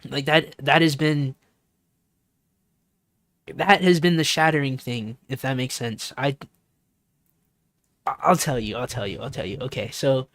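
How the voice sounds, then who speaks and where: A man's voice: mid-range voice, unhurried, pauses often, fairly bright tone, no room sound. A man streaming, talking in a rambling, sincere way, full of "like" and "you know" and repeated phrases. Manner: sincere and open. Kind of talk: casual heartfelt stream talk.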